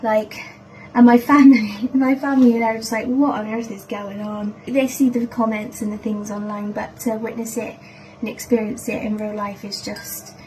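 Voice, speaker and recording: A woman's voice: fairly high pitch, level tone, normal speed, darkish tone, a little hiss or hum, low-quality recording. A woman in her thirties recapping an event in a vlog, emotional and gushing, rambling with restarts. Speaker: vlogger.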